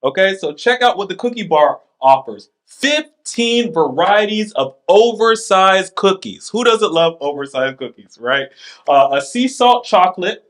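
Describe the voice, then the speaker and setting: A man's voice: sits high, expressive, unhurried, a bit bright. A man hosting a casual chat, reading items aloud with playful asides and laughs. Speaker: podcast host.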